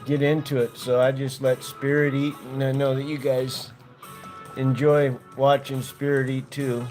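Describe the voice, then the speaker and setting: A man's voice: medium pitch, mellow. An American man on a casual livestream, talking in a laid-back way to his dogs and to viewers in the chat. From United States. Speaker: vlogger.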